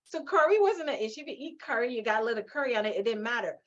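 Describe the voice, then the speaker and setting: Animated Guyanese woman telling her story. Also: fairly high pitch, racing, dull audio. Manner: animated, emphatic, laughs often. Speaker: guest, leadership coach. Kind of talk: interview storytelling.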